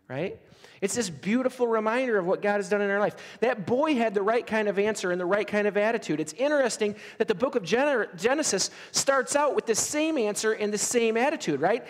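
Pastor guy preaching, high voice, keeps asking the crowd "right?", big echoey hall. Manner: conversational, asks the congregation questions. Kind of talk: sermon.

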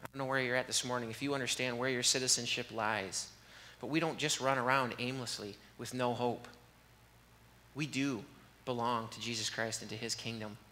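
A man preaching an earnest, conversational sermon in a church and leading a soft, slow prayer. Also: medium pitch, steady tone, big-room sound, slight background noise. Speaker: pastor. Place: church sanctuary.

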